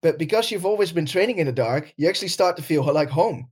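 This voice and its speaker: A man's voice: on the high side, lively intonation, fast, darkish tone, slightly rough. A man co-hosting a podcast, chatting casually, laughing often and swearing now and then. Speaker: podcast co-host.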